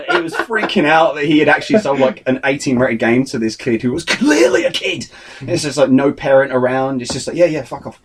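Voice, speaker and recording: A man's voice: mid-range voice, very animated, moderate pace, background noise. A man in casual podcast chat, telling a long sweary anecdote and laughing as he goes. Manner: rambling storyteller, swears often, laughs through his story. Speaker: podcast co-host.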